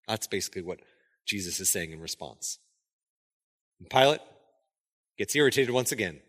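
A man with a bright, forceful voice reads scripture and preaches a sermon. He gets animated and acts out the quoted speakers. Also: fairly low pitch, normal speed, pauses often, big-room sound. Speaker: pastor. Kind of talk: scripture reading then sermon.

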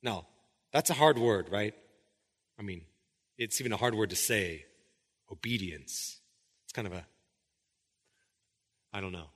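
A man's voice: on the low side, animated, a little slow, pauses often, in a large hall. A male pastor preaching a sermon, emphatic, often checking in with "right?". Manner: emphatic, keeps asking "right?".

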